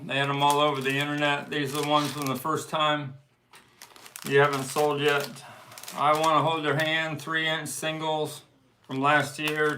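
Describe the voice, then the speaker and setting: A man hosting a casual livestream, showing and pricing records from his collection in an unhurried show-and-tell manner. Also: on the high side, bright, forceful tone, rough recording. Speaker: livestream host selling records. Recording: faint background noise.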